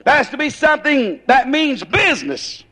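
A man preaches a revival sermon in a high, ringing voice. His talk is folksy and plain, and he swells into shouted emphasis. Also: very animated, normal speed. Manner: rises to shouted emphasis, folksy Southern grammar.

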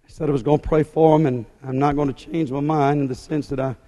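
A man delivers a fiery sermon in a high, ringing voice. He drives each point home with emphatic repetition. His words ring out with a long reverb through a church hall. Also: fairly even intonation, fast talker, mellow. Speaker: preacher.

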